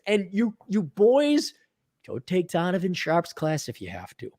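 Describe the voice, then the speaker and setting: A man hosting a casual podcast, giving blunt advice in a lively rant and acting out the voices of the people he quotes. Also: high-pitched, moderate pace. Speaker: podcast host. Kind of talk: casual ranting chat. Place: Twin Cities area, indoors.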